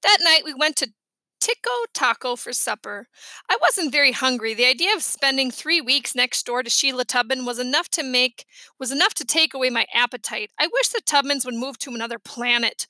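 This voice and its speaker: A woman narrating a children's book aloud in a lively, expressive way. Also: sits high, fairly quick, no echo. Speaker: audiobook reader.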